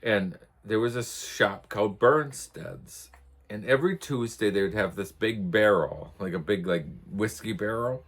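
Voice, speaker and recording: A man's voice: on the low side, a little slow. A man from the United States hosting a casual vlog, telling rambling anecdotes and chuckling as he goes. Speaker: vlog host. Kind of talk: casual storytelling chat.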